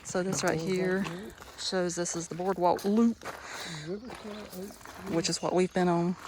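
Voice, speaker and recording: A chatty Southern-accented vlogger narrates a walk along a forest boardwalk, talking easily and thinking out loud. The voice sits mid-pitch, recorded outdoors on a handheld camera with faint background noise. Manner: chatty, easygoing, thinks aloud while hiking. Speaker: travel vlogger. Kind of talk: casual walking vlog narration.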